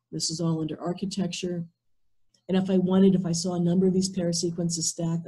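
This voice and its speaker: A woman presenting in an online workshop, methodically walking through a software demonstration over a video call, thinking aloud step by step. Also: fairly low pitch, breathy edge, poor audio.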